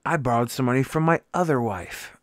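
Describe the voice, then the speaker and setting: A man's voice: medium pitch, animated, fairly quick, no room sound, clean studio sound. A tired man rambling and joking about himself as he chats casually with viewers on a live stream. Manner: rambling, self-mocking, swearing. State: tired and grumpy. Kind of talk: casual livestream chat.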